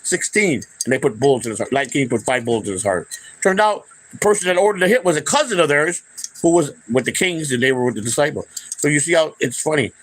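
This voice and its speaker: A man's voice: a little high, fast, fairly bright tone, low-quality recording. A middle-aged man from Chicago, the host of his own channel, tells personal stories off the cuff, cursing freely and often restarting his sentences. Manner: rambling, profane, with frequent restarts. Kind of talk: unscripted personal storytelling.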